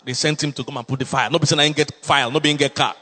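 A man with a Nigerian accent, a pastor telling a story in a sermon, swinging between low asides and loud exclamations. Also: fairly even intonation, racing. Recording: long hall reverb.

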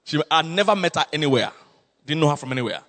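A man with a Nigerian accent, a pastor telling a story in a sermon, swinging between low asides and loud exclamations. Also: expressive, fast talker. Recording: long hall reverb.

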